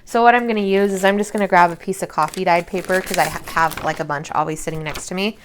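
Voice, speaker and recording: A woman's voice: on the low side, fairly even intonation, fast, slight background noise. A tired woman in her thirties chatting casually at home while she crafts, rambling with lots of fillers. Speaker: crafting vlogger and mother.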